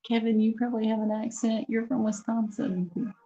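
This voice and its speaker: Chatty woman with a creaky voice. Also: fairly high pitch, steady tone, normal speed, mellow, dull audio. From Kansas City area. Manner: chatty, rambling, laughs often. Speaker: beauty vlogger chatting with viewers. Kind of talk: casual chat to camera.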